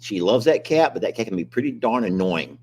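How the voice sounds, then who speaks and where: A man's voice: lowish voice, big pitch swings, brisk, a little mellow, breathy edge. An older man, hosting a casual live-stream chat, joking and complaining animatedly. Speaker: host.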